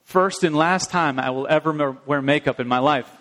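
A middle-aged man, a pastor, telling personal stories in an animated sermon. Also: a little high, normal speed. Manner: animated storytelling, acts out his mother's voice. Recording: long reverb of a large hall.

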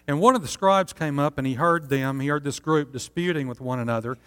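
A man gives an earnest sermon as pastor, often checking in with his listeners through rhetorical questions. His voice sits a little higher than most men's. The words ring out with a long reverb, as in a large church hall. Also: fairly quick, pushed and bright, smooth.

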